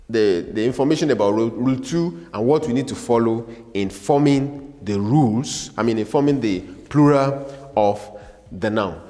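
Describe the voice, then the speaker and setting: A man teaching a language lesson, repeating each word slowly and asking listeners to say it after him. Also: medium pitch, darkish tone, long reverb tail. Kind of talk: slow classroom lesson with repetition drills.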